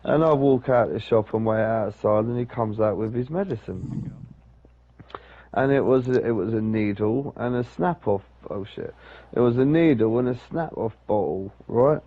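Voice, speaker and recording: A man's voice: medium pitch, moderate pace, phone-quality sound. A man, telling a rambling, sweary story in casual talk and acting out other people's lines. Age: 30s.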